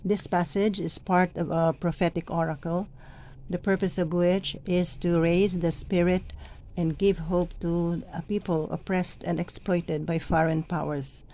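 A middle-aged woman training church lectors, explaining how to proclaim the readings in a slow, deliberate way and stretching the words she stresses. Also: on the low side, flat delivery, warm tone. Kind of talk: instructional reading guide.

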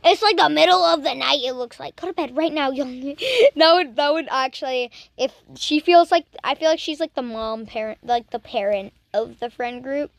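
Young woman, pretty high voice, dry close mic, casual teasing reaction chatter. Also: moderate pace, vocal fry, few pauses, dry recording. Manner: chatty and teasing, talking back at the screen. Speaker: reaction video host.

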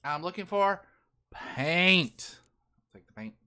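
A man's voice: high-pitched, lively intonation, takes it slowly, bright, forceful tone, clear, resonant tone. A man hosting a let's play, giving casual, chatty commentary and talking to his viewers.

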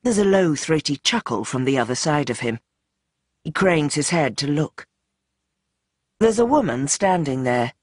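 An audiobook narrator reads with tense drama, rushing through action and slowing into dread. The voice is mid-pitched and the recording is dry and close. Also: lively intonation, dry recording. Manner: tense, dramatic, shifting pace. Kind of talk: scripted narration.

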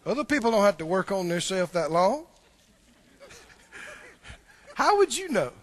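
A man's voice: high-pitched, very animated, a little slow, a bit bright. A man preaching a sermon, emphatic and repetitive, speaking directly to the congregation. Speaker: pastor.

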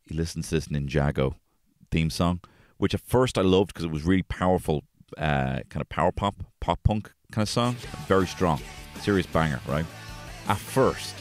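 Low voice podcast guy, chatty family stories, cusses constantly, dry mic, bit of music under it. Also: moderate pace, dry recording. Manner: swears freely, animated, acts out quotes in a high voice. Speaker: podcast host. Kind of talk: casual storytelling chat.

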